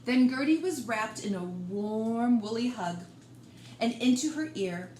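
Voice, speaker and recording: Expressive woman reading to children. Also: fairly high pitch, unhurried, slight background noise. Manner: expressive, gentle, talks directly to children. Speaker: children's librarian. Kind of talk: storytime read-aloud. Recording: roomy room echo.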